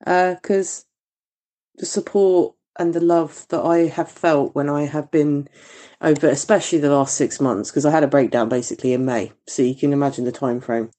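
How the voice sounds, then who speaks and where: A woman's voice: deep voice, steady tone, fairly quick, dark tone. Emotional woman leaving a voice note. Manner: heartfelt, emotional, sweary. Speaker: caller leaving a voice message. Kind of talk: voice message.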